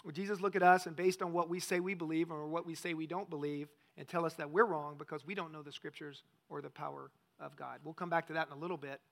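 Man, pastor, sermon, conversational, questions to the congregation, high voice. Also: fairly even intonation, quick pace, gravelly, hardly any pauses.

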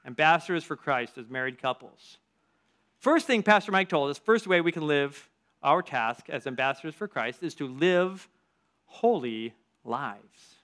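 A man delivers an energetic sermon to a church group. His voice sits a little high, and he moves between earnest appeals and casual storytelling asides, pushing hard on key words. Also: normal speed.

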